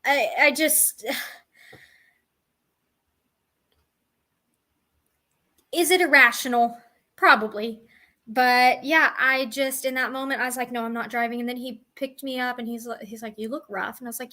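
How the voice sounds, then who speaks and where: A woman's voice: fairly high pitch, takes it slowly, long pauses, sharp tone. A young woman telling a personal story to her vlog audience, rambling and self-deprecating. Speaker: vlogger. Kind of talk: casual storytelling to camera.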